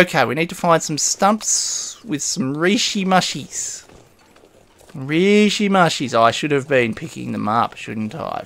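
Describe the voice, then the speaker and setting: A man with a slightly high, gravelly voice talks his way through a survival game. He rambles, mutters to himself and chuckles as he goes, in the easy style of a let's-play host. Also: fairly bright tone, no echo. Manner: rambling, self-talking, chuckles often. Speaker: gaming host. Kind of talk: casual let's-play commentary.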